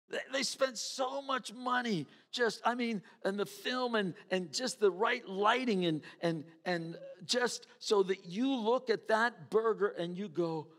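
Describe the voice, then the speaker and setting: Conversational pastor preaching in a reverberant hall. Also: male voice, high voice, lively intonation, a little slow, hardly any pauses, a bit bright. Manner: conversational preaching, acts out quoted voices. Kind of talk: sermon.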